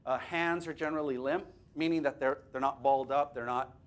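Speaking briskly in a mid-range voice, a man runs a teacher training workshop for a live audience in a classroom or workshop room. He keeps it lively and conversational, cracking jokes and quizzing the audience.

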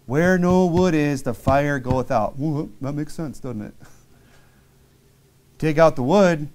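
Animated male preacher. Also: fairly high pitch. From Caribbean island. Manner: animated preaching with dramatic slow reading of scripture. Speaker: pastor. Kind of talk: sermon.

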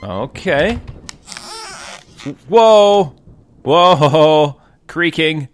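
A man's voice: mid-range voice, very animated, a little slow, pauses often, fairly bright tone. A young man hosting a game video, chatting and joking to viewers while he plays on a desk mic. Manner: chatty, jokey, addresses viewers as folks. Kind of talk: casual gameplay commentary.

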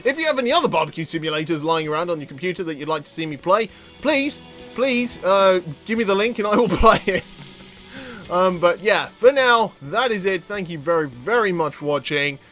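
A young man with an English accent hosting a let's play, reacting loudly and laughing at the game. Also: high-pitched, a little fast, faint music behind. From England. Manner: excitable, yelling and laughing at the game. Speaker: gaming channel host.

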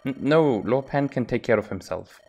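A man voicing a gentle, earnest young noblewoman who talks courteously with small hesitations. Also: mid-range voice, lively intonation, moderate pace, vocal fry, faint music behind. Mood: polite.

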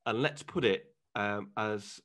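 A man's voice: lowish voice, slow pace, fairly bright tone. A man co-hosting a podcast, chatting casually and jokily and slipping into silly voices. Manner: jokey, drifts into silly voices and impressions. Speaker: podcast co-host. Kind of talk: casual comedic chat.

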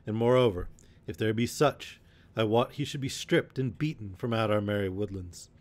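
A man's voice: lowish voice, moderate pace, lightly acted. A man voicing a big, loyal outlaw who speaks with hearty indignation in a storybook reading. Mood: indignant.

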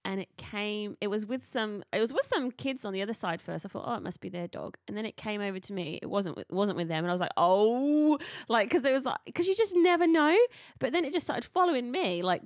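A woman's voice: medium pitch, expressive, fast, few pauses, no room sound, studio quality. Chatty woman, laughs easily. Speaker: podcast co-host. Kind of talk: casual chat.

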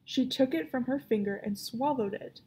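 A woman librarian reading a children's novel aloud with clear, expressive storytelling. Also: fairly high pitch, normal speed, a little hiss or hum.

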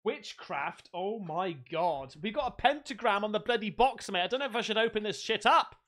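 A man hosting a stream, chatting casually as he unboxes fan mail, excitable, swearing freely and laughing often. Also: sits high, moderate pace. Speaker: streamer host.

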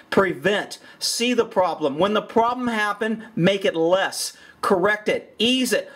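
A man giving blunt, exasperated commentary over a video, swearing often. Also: high voice. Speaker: horse trainer and commentator.

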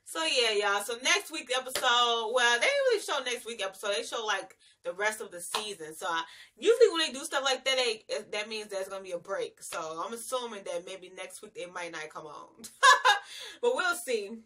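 A woman's voice: on the high side, very animated, normal speed, bright, forceful tone. A young woman, reviewing a reality show in casual, slangy chat and laughing often.

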